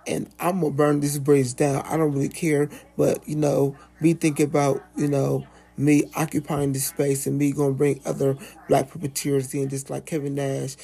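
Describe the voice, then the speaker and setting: Gravelly-voiced sassy man, casual and animated. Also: fairly high pitch. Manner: animated, swearing, sassy asides, drawn-out "baby". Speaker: puppeteer guest. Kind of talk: casual podcast chat.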